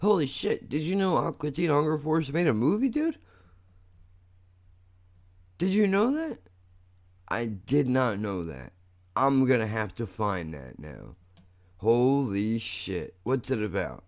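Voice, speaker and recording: A man hosting a podcast, chatting casually and excitably with lots of swearing and laughter as he reacts to clips. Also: mid-range voice, slow, pauses often. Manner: excitable, profane, laughs often. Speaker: podcast host.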